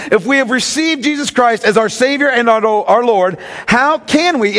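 A man's voice: high-pitched, fairly bright tone, in a large hall. A man preaching a sermon as pastor, emphatic and teaching, often asking the congregation questions.

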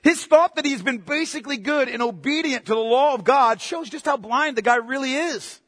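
Animated high-voiced male preacher. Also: normal speed, in a large hall. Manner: animated preaching, swinging between loud emphasis and hushed asides. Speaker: pastor. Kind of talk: sermon.

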